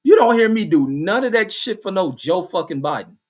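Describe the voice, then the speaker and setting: A man's voice: high voice, lively intonation, a little fast. A middle-aged man hosting a live stream, reading viewer comments aloud and answering them in an angry, profane rant. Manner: angry, combative, reads viewer comments aloud then fires back; heavy cursing, slangy street talk. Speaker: show host reading chat comments.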